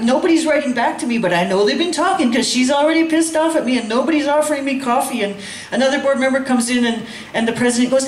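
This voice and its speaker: A woman's voice: a little high, fast talker. A woman telling a personal story at a community session, acting out the voices of the people in it and laughing often. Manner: animated, acts out quoted voices, laughs often. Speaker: guest speaker. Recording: echoey room with faint ambient noise.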